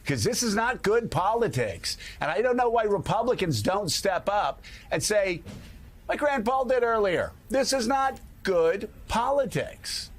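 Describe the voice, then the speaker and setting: A man's voice: sits high, sing-song, moderate pace. A middle-aged man hosting a morning talk show, delivering indignant, emphatic opinion commentary.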